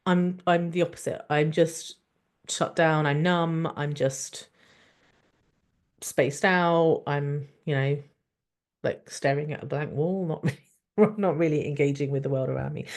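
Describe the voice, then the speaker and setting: A woman doctor hosting a podcast, speaking in a candid, reflective monologue, frank and expressive and thinking aloud with many restarts. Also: low-pitched. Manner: frank and expressive, with laughs and the odd swear.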